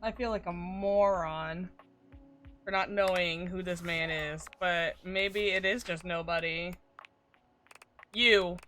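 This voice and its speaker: Bright, excitable woman streaming a game. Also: lowish voice, takes it slowly, long pauses, faint music behind. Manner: excitable, swearing, bursts into shouts and laughter. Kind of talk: live game stream commentary.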